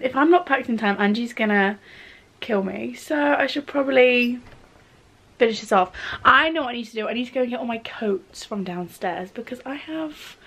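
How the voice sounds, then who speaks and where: A woman's voice: on the high side, a bit bright. A young woman with a British accent, chatting casually in a rambling vlog and saying "like" a lot. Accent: British English. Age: young adult. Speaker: university student vlogger.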